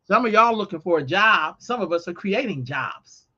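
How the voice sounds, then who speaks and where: A woman's voice: mid-range voice, expressive, moderate pace, sharp tone, husky, lo-fi sound. A woman co-hosting a podcast in casual chat, talking bluntly and emphatically with plenty of profanity. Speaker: podcast co-host.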